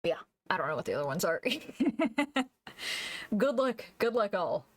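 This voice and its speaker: A woman streamer chatting casually while she draws, thinking aloud, humming to herself and laughing softly, into a desk microphone. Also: fairly low pitch, very animated, slow pace, slightly rough. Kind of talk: casual live-stream chat while drawing.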